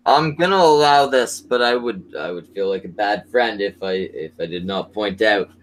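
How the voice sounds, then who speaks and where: A man's voice: lowish voice, moderate pace, a little hiss or hum, poor audio. A man in a casual podcast chat, hesitantly warning a friend. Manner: hesitant, cautionary.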